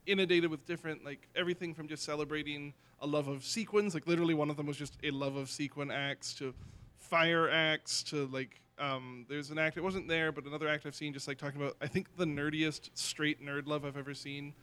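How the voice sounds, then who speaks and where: A man guesting on a podcast as a burlesque host, from Canada, telling stories in animated casual chat. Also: fairly high pitch, fairly quick, clear, resonant tone. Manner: animated storyteller, lots of "like".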